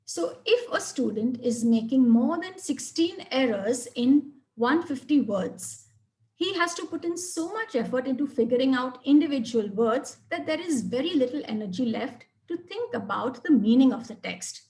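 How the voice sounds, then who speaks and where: A woman presenting a webinar on reading fluency, explaining in a clear, measured way and stressing words in her example sentences. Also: high voice, animated, darkish tone. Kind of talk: webinar lecture.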